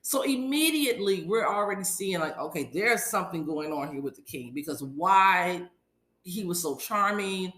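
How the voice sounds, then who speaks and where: Chatty show recapper, bright roomy sound. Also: mid-range voice, animated, normal speed. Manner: chatty retelling with acted-out quotes. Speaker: podcast host. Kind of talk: casual episode recap.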